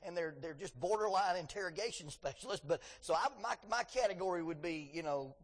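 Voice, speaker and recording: A man's voice: sits high, animated, brisk, in a large hall. A man preaching a sermon in a conversational way with joking asides, reading scripture with drama. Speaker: pastor.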